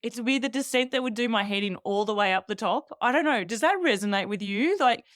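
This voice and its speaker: A woman's voice: fairly high pitch, a little fast, fairly bright tone, no room sound, studio quality. A woman hosting a podcast in casual chat, playful and asking reflective questions. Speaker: podcast host.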